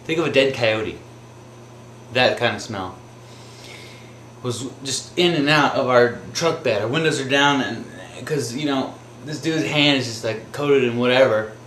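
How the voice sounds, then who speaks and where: Male storyteller, casual and rambling, mid pitch, roomy recording with faint noise. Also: a little slow, a bit bright. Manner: rambling, loose, with filler words. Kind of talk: casual anecdote telling.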